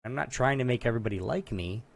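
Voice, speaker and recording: A man co-hosting a casual podcast, wandering through a story with many asides. His voice sits in an ordinary middle pitch. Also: animated, fast, vocal fry, no room sound. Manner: rambling storyteller, lots of filler and restarts. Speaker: podcast co-host. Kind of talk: casual chat.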